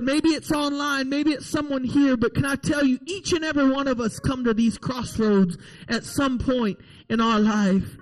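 A man preaching a sermon in a church, impassioned, rising to shouts and often asking "can I tell you". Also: very high-pitched, rough recording. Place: church service, also streamed online.

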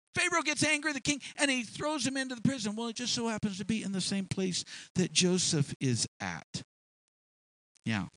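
A man preaching a sermon, retelling a story in an animated way with many restarts. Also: very high-pitched, dry recording, rough recording.

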